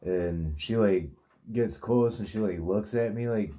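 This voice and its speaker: A man's voice: fairly low pitch, unhurried, dark tone. A man telling a rambling, profane story in a casual monologue, with lots of fillers. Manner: crude, profane, meandering with many fillers. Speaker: vlogger telling a dream.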